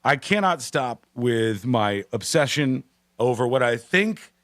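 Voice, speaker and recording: A man's voice: mid-range voice, animated, slow, a bit bright, no room sound. A man hosting a radio show, chatting casually, laughing and doing mocking impressions into a studio microphone.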